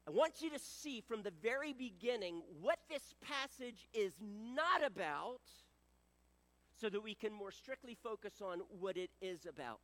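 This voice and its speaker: A man preaching a sermon as pastor, earnest and exhorting, going soft in prayer and loud for emphasis. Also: high voice, animated, a little slow. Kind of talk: sermon with scripture reading and prayer.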